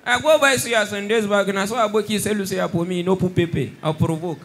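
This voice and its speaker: A young Nigerian man doing stand-up comedy, mixing Pidgin and English and shouting his punchlines. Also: high voice, a little fast, hardly any pauses, slight background noise.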